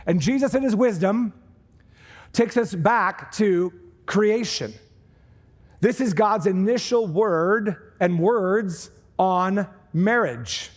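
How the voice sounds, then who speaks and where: A man with a high, light voice preaches to a church congregation. He keeps the delivery conversational and breaks into animated asides as he explains the passage. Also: slow pace. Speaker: pastor. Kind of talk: sermon. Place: church sanctuary.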